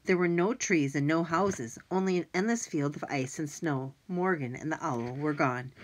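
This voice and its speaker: A woman narrating a children's chapter book with expressive, animated delivery. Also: low voice, unhurried, slight background noise, low-quality recording. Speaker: audiobook narrator. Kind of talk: children's story reading.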